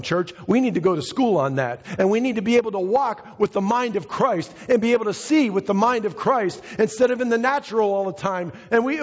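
In a reverberant hall captured with dull, lo-fi audio, a male pastor preaches with fervor and emphasis, often saying his phrases again to drive them home. His voice sits high with a breathy edge.

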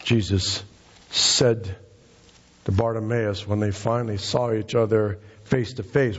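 A middle-aged man preaching a fervent sermon, his voice climbing to high, emphatic peaks. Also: steady tone, unhurried, lo-fi sound. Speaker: pastor.

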